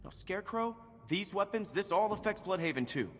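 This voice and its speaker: A man's voice: high voice, expressive, brisk, big-room sound. An actor playing an earnest young male vigilante in a video game, speaking urgently and insistently.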